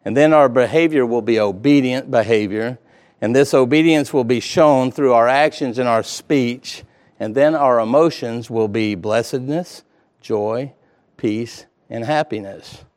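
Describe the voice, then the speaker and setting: A man in his fifties preaching a sermon, earnest, slowing down to stress key words. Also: medium pitch, darkish tone. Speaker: pastor.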